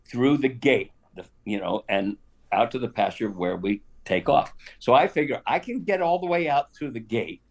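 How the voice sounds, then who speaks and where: An older man telling a story casually on a live stream, animated, with laughs and asides. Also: on the low side. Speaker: guest actor telling stories.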